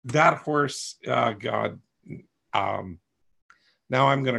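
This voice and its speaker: A man's voice: mid-range voice, slow, gravelly, pauses often, bright, forceful tone, breathy edge. A man hosting a coaching session, talking to a group in a candid, rambling way with self-deprecating humor. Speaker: coach and host.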